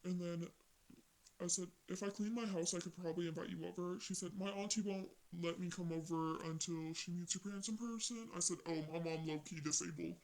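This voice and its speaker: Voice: mid-range voice, fairly even intonation, a little fast, low-quality recording. A young vlogger casually retelling text conversations in a slangy, rambling way. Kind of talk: casual storytelling vlog.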